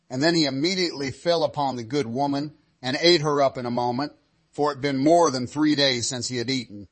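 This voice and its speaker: Man, storyteller, fairy tale reading, measured cadence, middle pitch. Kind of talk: fairy tale read-aloud narration.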